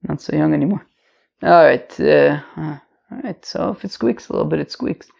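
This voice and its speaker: Chatty gravelly man teaching Talmud. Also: fairly high pitch, normal speed, darkish tone. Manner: rambling, chatty, joking asides. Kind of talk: casual daily Talmud class. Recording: lo-fi home mic.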